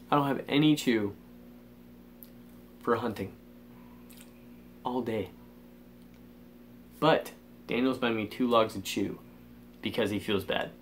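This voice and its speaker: A man's voice: medium pitch, a bit bright, a little hiss or hum. Swearing, exasperated teenage guy ranting. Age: teens. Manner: swears constantly, exasperated, rants with sighs. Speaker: vlogger. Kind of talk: angry ranting vlog.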